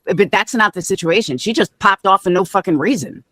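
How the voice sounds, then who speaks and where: A woman's voice: medium pitch, brisk, pushed and bright, no echo. Indignant woman sounding off on a stream. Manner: indignant, profane. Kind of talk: heated live-stream chat.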